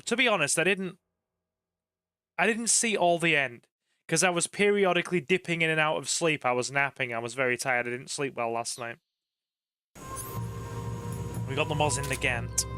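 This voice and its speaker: A man chatting casually to viewers while streaming a game, rambling warmly and bursting into excited cheers. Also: fairly high pitch, brisk, soft background music. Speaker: gaming streamer. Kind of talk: casual live-stream chat over gameplay.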